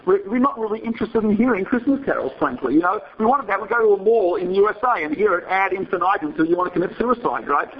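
A man's voice: sits high, lively intonation, fast talker, hardly any pauses. A male rabbi telling a story to his students in a digressive, chatty lecture, often checking in with a rhetorical "right?". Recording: dull lo-fi recording.

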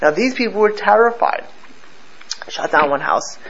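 Animated male storyteller, slightly high voice. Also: moderate pace. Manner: animated storyteller with frequent restarts and repeated words. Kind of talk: storytelling Torah lesson. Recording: slightly dull with faint background noise.

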